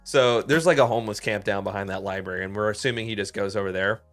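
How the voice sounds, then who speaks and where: A man, a podcast co-host, telling a story in casual, animated chat, full of swearing and fillers. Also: lowish voice, quick pace, faint music behind. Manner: animated, swears a lot, heavy use of "like".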